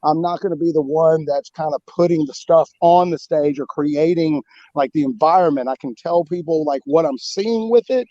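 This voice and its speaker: A man talking about his book as a guest in a casual interview, rambling and animated, with many restarts and fillers. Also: fairly high pitch, no echo, highs cut off. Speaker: guest author.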